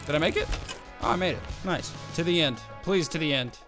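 Excitable man commentating gameplay over music. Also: a little high, fast talker. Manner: excitable, yelps and exclaims often. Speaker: gaming YouTuber.

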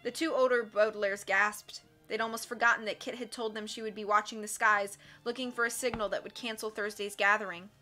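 A woman reading a storybook aloud in a measured, expressive way, with faint music behind. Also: medium pitch. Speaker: audiobook reader. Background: faint background music.

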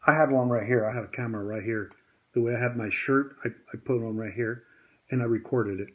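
A man's voice: medium pitch, animated, normal speed, a bit bright. A man telling a heated story to camera in a rambling, agitated way, acting out the dialogue he quotes. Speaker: vlogger. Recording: tinny phone-like sound.

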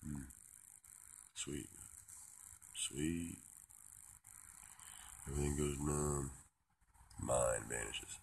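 A man delivering a profane, rambling philosophical monologue, swinging between loud outbursts and hushed whispers. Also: extremely low pitch, lively intonation, slow, pauses often, a little hiss or hum. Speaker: vlogger.

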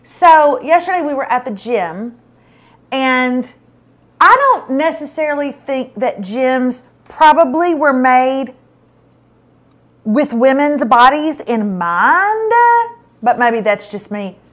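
A woman's voice: high-pitched, expressive, takes it slowly, fairly bright tone. A middle-aged woman, hosting a show and telling a self-mocking story in casual chat. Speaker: show host.

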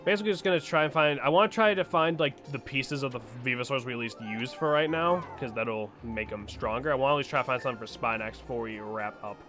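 A man of middling pitch talks loosely and profanely over faint game music while he plays. He rambles from thought to thought and jokes at his own expense. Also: fast talker, hardly any pauses, fairly bright tone. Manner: rambling, profane, self-deprecating. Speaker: co-host of a gaming stream. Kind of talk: casual let's-play chat.

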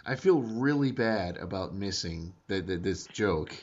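A man hosting a casual review chat, animated, with stammering restarts and quick asides. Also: low voice. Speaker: podcast host. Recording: dull lo-fi audio.

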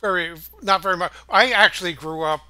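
Older man, bright halting talk. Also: high voice, clear, resonant tone, no echo. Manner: halting, many uh fillers. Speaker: co-host. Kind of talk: casual chat.

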